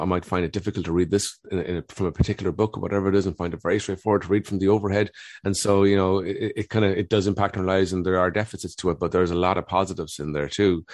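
A man's voice: sits low, no echo, studio quality. A man speaking as a family therapist guest in an interview, earnest and explanatory, often repeating words as he thinks. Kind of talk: reflective conversational interview.

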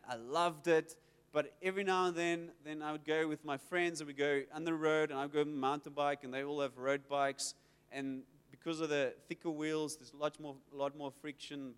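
Man, pastor, sermon, animated storyteller, high voice, long hall reverb. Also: smooth. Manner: animated storytelling, acts out quoted prayers.

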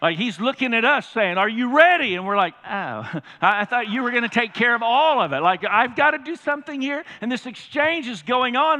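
Bright-voiced preaching pastor. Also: male voice, high voice. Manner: emphatic, questions the congregation. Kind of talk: sermon. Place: large church sanctuary. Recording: reverberant church hall.

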